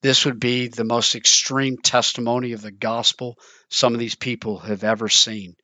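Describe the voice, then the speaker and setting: A male preacher delivers a sermon with earnest storytelling. His voice is bright and forceful, and it is recorded close and dry with no room sound. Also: mid-range voice, level tone, normal speed, dry recording. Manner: earnest, storytelling, repeats words.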